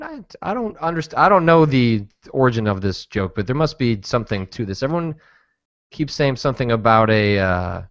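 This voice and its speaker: A man's voice: on the low side, no echo. A man hosts a casual podcast chat and rambles through his points with hesitations. His voice sits in a middle range. The sound is dry and slightly muffled. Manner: rambling, hesitant, lots of restarts. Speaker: podcast host.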